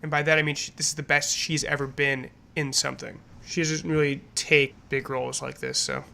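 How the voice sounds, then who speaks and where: Blunt, bright-voiced man. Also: on the high side, flat delivery, fairly quick, creaky. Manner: blunt, swears freely, laughs easily. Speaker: podcast co-host. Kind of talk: casual chat.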